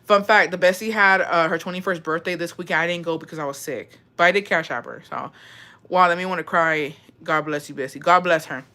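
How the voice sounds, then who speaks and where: Reading viewer stories aloud, a young Texan host in her twenties reacts with emotion and plenty of swearing in a casual chat. She speaks at a fairly low pitch, fairly quickly, with a pushed, bright quality.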